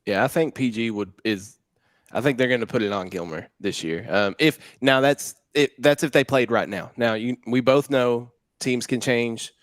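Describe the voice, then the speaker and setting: A man in his thirties co-hosting a sports show, relaxed and reminiscing. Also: medium pitch, normal speed, dry recording, clean studio sound. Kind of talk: casual sports talk.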